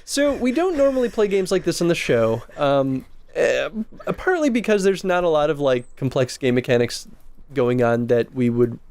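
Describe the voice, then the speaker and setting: A man's voice: a little high, sing-song, normal speed, darkish tone, smooth. A man co-hosting a casual let's play, chatting and explaining game design as he plays, laughing easily. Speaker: co-host.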